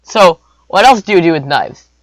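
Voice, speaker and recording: A man voicing an excitable, naive little boy who squeals with giddy delight. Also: sits high, moderate pace, no room sound, rough recording. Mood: puzzled.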